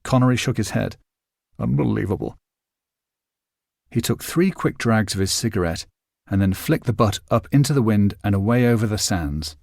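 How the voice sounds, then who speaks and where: Expressive male audiobook narrator. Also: lowish voice, no room sound, studio quality. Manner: measured, expressive storytelling. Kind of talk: scripted narration.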